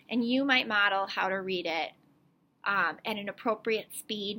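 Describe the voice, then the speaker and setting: A woman's voice: medium pitch, unhurried, pushed and bright. A woman reading specialist giving parents an informal, step-by-step talk, chatty and full of ums.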